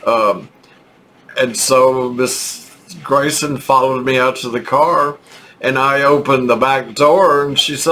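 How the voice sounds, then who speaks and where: An older man from Texas with a Texan accent, telling a rambling, halting story with chuckles in a casual vlog. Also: medium pitch, fairly even intonation, pushed and bright, slight background noise. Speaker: vlogger.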